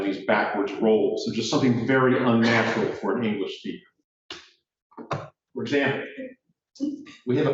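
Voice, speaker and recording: Man giving a self-deprecating ceremony speech; distant mic, echoey room. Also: on the low side. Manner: joking, self-deprecating storyteller. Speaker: speaker at a ceremony. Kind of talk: casual speech. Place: courtroom. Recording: echoey room from far off, dull.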